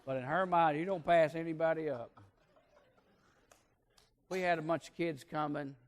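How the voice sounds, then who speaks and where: A male preacher tells a folksy story from the pulpit in a fairly high voice. He drops to near-hushed moments, then lifts into loud, drawn-out emphasis. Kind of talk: sermon storytelling.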